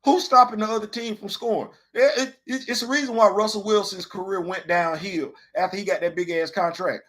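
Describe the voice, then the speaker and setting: A man hosting a show, giving casual opinion commentary with animated rhetorical questions and colloquial talk. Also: high-pitched, fairly quick. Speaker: host.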